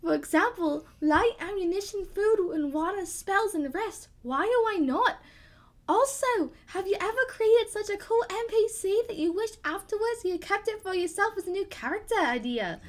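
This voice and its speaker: Woman doing a playful put-on Scottish brogue, reading a letter aloud, pitched way up and lilting. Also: expressive, normal speed. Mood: playful mock-brogue. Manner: giggly, self-conscious reading aloud.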